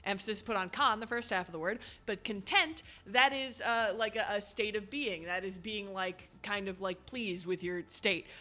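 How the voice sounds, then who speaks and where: A woman's voice: medium pitch, normal speed, hardly any pauses, pushed and bright. A woman streaming a game, chatting casually and rambling through explanations with lots of fillers.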